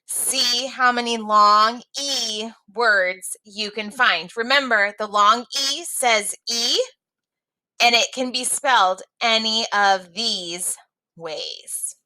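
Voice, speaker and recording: A woman's voice: slow pace, sharp tone, rough recording. A woman teacher guiding young students through a reading lesson, reading the story aloud and calling them friends. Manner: reads the story aloud with pitch jumps for the geese; friendly, addresses pupils as friends.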